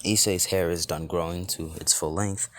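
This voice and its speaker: A man's voice: sits low, fairly even intonation, moderate pace, fairly bright tone, slight background noise. A man improvising a fan-fiction story aloud, rambling along with fillers and restarts.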